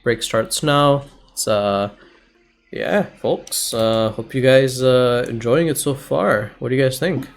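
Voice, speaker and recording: A man in the game master's seat of an online tabletop session. He talks in a loose, rambling way and sits at an ordinary middle pitch. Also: slow pace.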